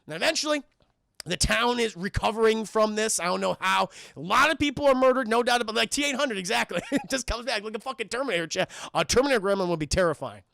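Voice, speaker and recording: Young guy recapping a movie for his chat, bright high voice, swearing a lot, super excitable. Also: vocal fry, dry recording, clean studio sound. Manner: excitable, profane, addresses chat constantly. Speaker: streamer and film reviewer. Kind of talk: casual spoiler recap for live chat.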